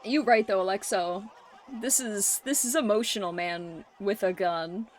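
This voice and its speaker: A woman hosting a livestream, chatting casually with viewers, laughing often and swearing freely in animated reactions. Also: mid-range voice, unhurried, slight background noise. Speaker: livestream host.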